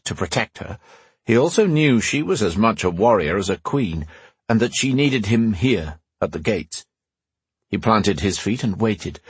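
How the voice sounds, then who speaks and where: Husky male audiobook narrator. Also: fairly low pitch, no room sound. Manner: steady, measured storytelling. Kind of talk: scripted fantasy narration.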